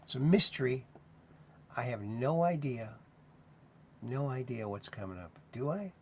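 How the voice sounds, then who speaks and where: A man's voice: medium pitch, expressive, measured pace. A man hosting a casual livestream, chatting and reading viewer comments aloud in a sing-song voice. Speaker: host. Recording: dull lo-fi sound with faint noise.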